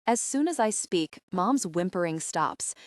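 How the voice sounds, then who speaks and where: A woman narrating a young adult audiobook in the first person, steady and even. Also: lowish voice, a little slow, no room sound, studio quality.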